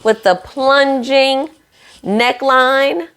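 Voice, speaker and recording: A woman's voice: sits high, drawn-out words, a bit bright, clean tone. Sassy chatty woman recapping a show. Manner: chatty and sassy, with playful asides to viewers. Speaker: reality TV recap vlogger.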